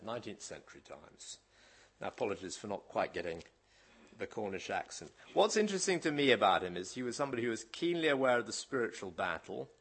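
A man preaching a sermon in an animated, emphatic, conversational way with occasional hesitations. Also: medium pitch.

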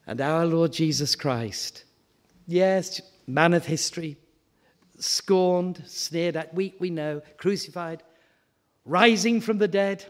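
Male preacher, conversational sermon, repeats words, climbs into animated questions; reverberant church hall. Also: on the high side, normal speed. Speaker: guest preacher. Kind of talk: informal sermon.

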